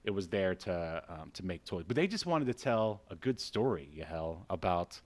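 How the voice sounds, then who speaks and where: A man's voice: sits low, sing-song, normal speed. A man hosting a casual podcast, rambling with many fillers and laughing often as he reads credits aloud. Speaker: podcast host.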